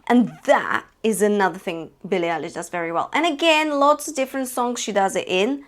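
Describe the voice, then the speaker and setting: A woman's voice: medium pitch, fairly quick, hardly any pauses. A woman giving a chatty online singing lesson from a home studio, explaining technique and singing short examples. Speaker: vocal coach.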